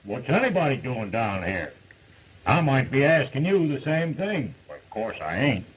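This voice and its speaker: An actor playing a friendly, joking outlaw cowboy who talks in a folksy, joshing way, in 1930s film acting. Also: male voice, mid-range voice, sing-song, measured pace, husky. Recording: muffled old film soundtrack with hiss.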